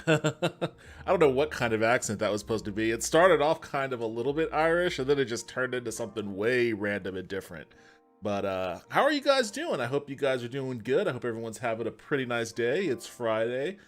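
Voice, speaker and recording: A man's voice: mid-range voice, sing-song, a little fast, faint music behind. Rambling chatty man on a desk mic. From Texas. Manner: rambling, chatty, casually profane. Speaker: podcast livestream host. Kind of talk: casual solo livestream chat. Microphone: USB desk mic on a stand.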